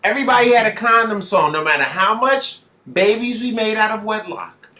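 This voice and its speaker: 40s guy emceeing a comedy night, swears a lot, kinda high and bright. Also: fairly quick. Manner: profane, teasing. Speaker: host.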